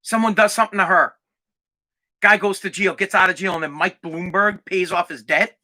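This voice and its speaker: A man hosting a podcast, delivering a heated, profane rant that sometimes rises to shouting. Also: high voice, fairly even intonation, moderate pace. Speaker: podcast host. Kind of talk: ranting podcast monologue.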